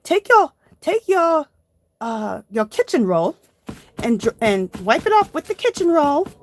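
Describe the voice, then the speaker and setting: A woman playing a prim English crafting teacher, speaking with a put-on English accent in a clipped, faintly snobby way. Her voice climbs well above its usual pitch and comes out a touch louder. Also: big pitch swings, a little slow, a little hiss or hum. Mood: instructive.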